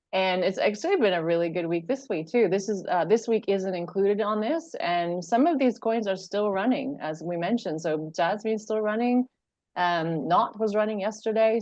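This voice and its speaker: A woman's voice: mid-range voice, darkish tone, no room sound. Upbeat woman on a dull, dry line. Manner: brisk and upbeat, listing figures. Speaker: co-host presenting weekly results. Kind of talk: casual livestream update.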